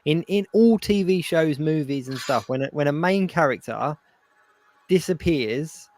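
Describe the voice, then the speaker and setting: A man's voice: a little high, expressive, a little slow, darkish tone, slight background noise. A man co-hosting a casual live stream, easygoing and agreeable, often repeating his phrases. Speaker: co-host.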